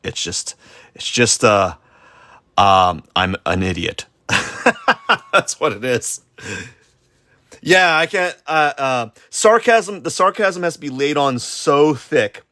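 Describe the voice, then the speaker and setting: A man's voice: medium pitch, very animated, slow pace, pushed and bright, dry recording. A man chatting casually during a live drawing stream, rambling and self-deprecating, with lots of fillers and false starts. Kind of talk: casual rambling chat while sketching.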